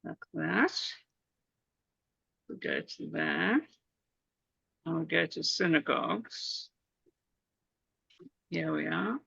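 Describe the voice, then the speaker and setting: A woman's voice: deep voice, slow, gravelly, pauses often, a bit bright, husky, no echo. A woman hosting a video call meeting, chatting and fumbling aloud with her screen sharing. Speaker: host. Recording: dull, dry video call audio.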